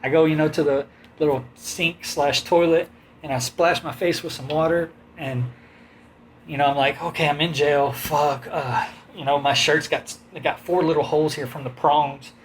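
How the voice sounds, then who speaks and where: Casual male storyteller, slightly high voice, rambling and animated, faint room hum behind. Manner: rambling, animated anecdote with quoted voices and laughs. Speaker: host telling a story.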